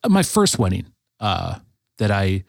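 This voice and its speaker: Lively low-voiced man, dry sound. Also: a little slow, vocal fry, no echo. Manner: lively, searches for words. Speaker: podcast co-host, wedding officiant. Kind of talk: casual faith discussion.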